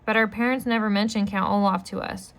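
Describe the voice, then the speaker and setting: A woman's voice: mid-range voice, fairly even intonation, brisk, a bit bright, lightly acted. A woman reading the questioning lines of a thoughtful young orphan boy from a storybook.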